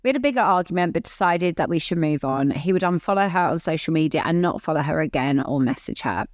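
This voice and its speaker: Giggly woman with a lowish voice. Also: lively intonation, fast talker, dry recording, studio quality. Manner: giggly, chatty. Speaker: podcast co-host. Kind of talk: casual podcast chat, reading listener messages.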